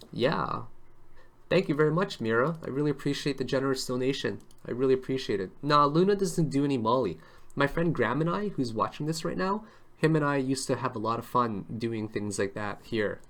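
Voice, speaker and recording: A man's voice: medium pitch, fairly bright tone. Chatty man walking through trading charts. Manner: chatty, keeps checking in with "right?" and "okay?". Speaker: crypto trading analyst. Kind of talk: casual live-stream chart lesson.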